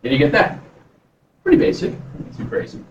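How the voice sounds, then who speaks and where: A man's voice: moderate pace, background noise. A math teacher giving a casual review lesson, putting questions to his class and answering them himself. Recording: distant, echoey, dull classroom recording.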